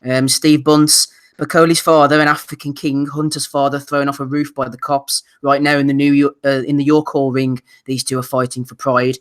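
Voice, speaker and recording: A man's voice: medium pitch, level tone, normal speed, a bit bright. A British man co-hosting a casual boxing podcast, reading out listener nominations and laughing readily. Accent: British English. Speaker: podcast co-host.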